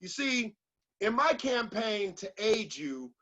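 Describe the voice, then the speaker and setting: A man's voice: sits high, big pitch swings, slow, bright, forceful tone, rough recording. A man giving a motivational speech in an emphatic, repetitive, preacher-like delivery. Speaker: motivational speaker.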